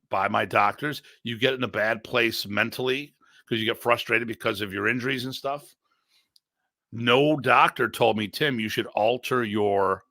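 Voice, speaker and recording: Recorded at studio quality with no room sound, a middle-aged American man who hosts a podcast and teaches martial arts tells stories casually. He rambles and restarts, joking bluntly, and brings quoted exchanges to life with animated jumps in pitch.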